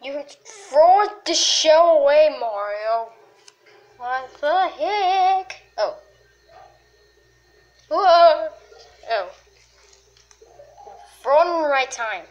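A woman commenting on a game she is playing, excitable and full of yelps and exclamations. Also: high-pitched, extremely slow, pauses often. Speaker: gamer. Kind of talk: let's play commentary.

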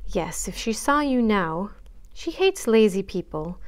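A woman's voice: mid-range voice, very animated, unhurried. A woman reading as Amy, earnestly scolding. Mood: lecturing. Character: earnest young woman, frank and observant. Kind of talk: read-aloud storybook dialogue.

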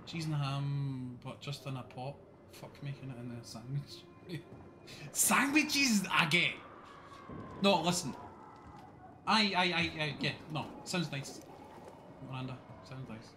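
A man's voice: mid-range voice, slow pace, pauses often, background noise. Swearing Scottish man ranting on stream. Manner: animated, exasperated ranting with frequent swearing. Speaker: streamer playing a game. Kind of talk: casual live-stream chat.

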